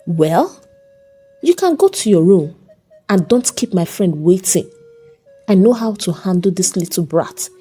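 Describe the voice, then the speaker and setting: A woman's voice: on the low side, expressive, a little slow, pauses often, warm tone, husky, faint music behind. Woman reading as a cold domineering chief. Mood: scornful. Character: ruthless wealthy middle-aged male chief.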